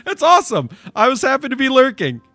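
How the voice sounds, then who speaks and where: A man's voice: very high voice, fast talker, no room sound, faint music behind. A man streaming a game, chatting casually and laughing often. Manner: laughs a lot, chatty and animated.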